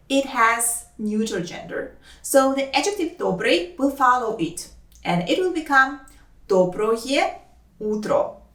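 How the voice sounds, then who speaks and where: A woman whose first language is Russian gives a language lesson in English, speaking slowly and carefully and saying each example phrase twice. Her voice sits a little high. The recording is roomy, with her voice a little distant from the microphone. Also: a bit bright. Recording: roomy, voice a bit off-mic.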